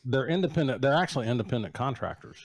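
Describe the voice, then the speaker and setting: A man's voice: mid-range voice, expressive, fast, dry recording, clean studio sound. A man in his forties co-hosting a casual chat, cracking crude jokes. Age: 40s. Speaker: podcast co-host.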